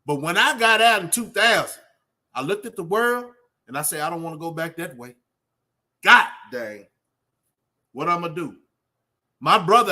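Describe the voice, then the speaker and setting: A man's voice: high-pitched, sharp tone. A middle-aged man giving an off-the-cuff motivational talk in a streetwise preaching way, rambling with fillers. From Texas. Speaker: channel host.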